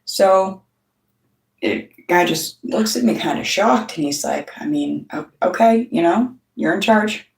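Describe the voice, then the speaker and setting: Her voice fairly low and creaky with lively intonation, a middle-aged woman talks a little slowly into a distant mic. She hosts the channel, bluntly telling a story to camera while swearing heavily and quoting others. It's a casual monologue with roomy, off-mic sound.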